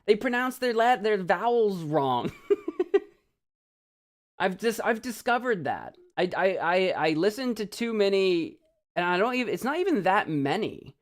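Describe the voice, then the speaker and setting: A man's voice: high-pitched, big pitch swings, unhurried. An American man chatting casually on a live stream, rambling and giggling as he reads viewer comments aloud.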